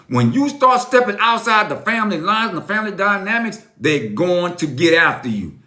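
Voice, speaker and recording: A man's voice: high-pitched, sing-song, a little fast, hardly any pauses, sharp tone, reverberant. A middle-aged man giving an emphatic, preachy motivational talk on a live stream, greeting viewers and repeating his key lines.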